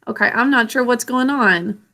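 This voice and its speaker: Lady teacher on a video call sounding words out syllable by syllable, kinda high voice. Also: moderate pace, sharp tone. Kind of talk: online reading lesson.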